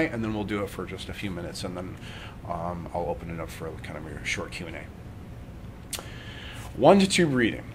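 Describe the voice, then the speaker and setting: A man leading a live workshop on breathing and meditation, talking calmly and conversationally and often checking in with his listeners. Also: low-pitched, a little hiss or hum. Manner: calm, conversational, checks in with "right?".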